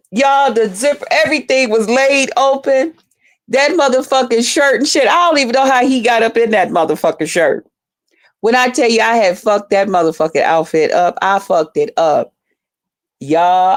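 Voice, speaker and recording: Talking at a normal speed in a voice on the high side, a woman tells a story to her vlog viewers. She's animated and profane, swearing freely and addressing them as "y'all."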